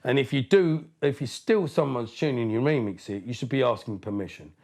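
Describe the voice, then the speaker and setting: Bloke, 50s, gravelly voice, slangy and animated, restarts a lot, casual interview. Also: male voice, medium pitch, a little fast. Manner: animated, repeats words and restarts, swears; street slang. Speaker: DJ and producer, interview guest.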